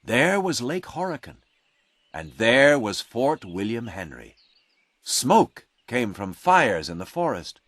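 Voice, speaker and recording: A man narrating a storybook in a slow, expressive reading. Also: mid-range voice, no echo.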